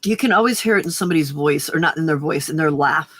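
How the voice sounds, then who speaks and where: A woman chatting casually on a livestream, giggling often and filling pauses with ums. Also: low-pitched, no echo. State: slightly husky morning voice. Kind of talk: casual chat.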